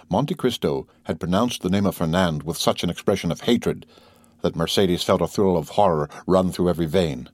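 A man narrates a classic novel as an audiobook in a measured, even delivery. His voice is very low. The recording is dry and close, with no room sound. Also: no echo.

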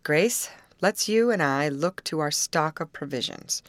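A woman's voice: low-pitched, lively intonation, a little slow, no room sound. A woman reading aloud voices a brave teenage girl who speaks grimly and frankly. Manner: grim and frank.

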